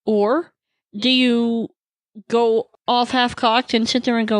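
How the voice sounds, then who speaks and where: A woman hosting a solo podcast, talking through a devotional topic in an animated storytelling way and acting out the people she quotes. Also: on the high side, a little slow, no echo. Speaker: podcast host.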